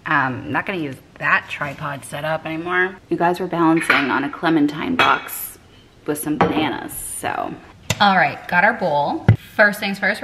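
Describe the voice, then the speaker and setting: A woman's voice: low-pitched, echoey room, very noisy. A woman in her twenties from Quebec, talking casually to camera in her home kitchen as she cooks. Her tone is upbeat and encouraging, with playful asides. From Quebec, Canada. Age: 20s. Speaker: eating disorder recovery coach and vlogger. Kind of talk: casual cooking vlog talk to camera.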